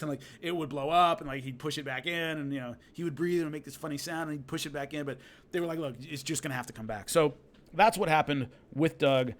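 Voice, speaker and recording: A middle-aged man telling a casual story, animated and acting out hits with loud sound effects. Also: fairly high pitch, a little hiss or hum. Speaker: combat sports commentator telling stories.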